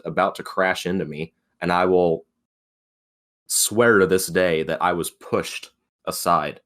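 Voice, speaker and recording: Very deep-voiced young man, earnest. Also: fairly bright tone. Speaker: podcast co-host. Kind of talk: casual chat.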